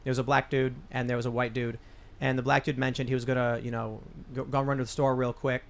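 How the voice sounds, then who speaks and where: A man's voice: medium pitch, level tone, fast. A man hosting a casual panel discussion in a podcast studio. He tells long, rambling anecdotes and often restarts his sentences. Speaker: show host.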